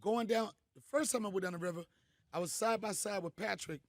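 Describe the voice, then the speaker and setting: Gravelly high-voiced comedian guy, dry close mic, punchy animated stories. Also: a little fast, no room sound. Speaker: comedian host. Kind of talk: storytelling monologue.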